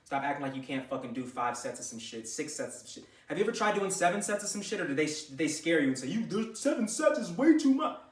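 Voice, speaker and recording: A man's voice: mid-range voice, fast talker, hardly any pauses, fairly bright tone, distant mic. Brief: man, blunt profane lecturer, camera mic set back in an echoey room. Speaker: vlogger giving gym advice. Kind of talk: unscripted talking-to-camera rant.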